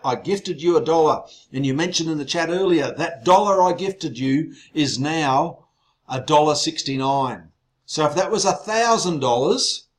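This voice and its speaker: A man hosting an online sales webinar, excitable and teasing, his voice growing loud as he gets worked up. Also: on the high side. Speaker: webinar host.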